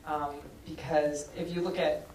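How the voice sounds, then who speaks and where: A woman film director speaks on a panel at a screening event in an auditorium, her low, darkish voice level in tone and measured in pace. She's casual and chatty, laughs often, and fills her talk with fillers. The recording comes from far off in an echoey hall, with faint noise.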